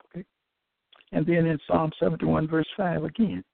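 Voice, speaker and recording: A man giving a halting religious teaching, full of fillers and restarts, who slows down and stresses each word when he quotes scripture. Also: on the high side, steady tone, creaky, no echo. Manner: emphatic, drawn-out scripture quoting. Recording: tinny phone-line audio, dry.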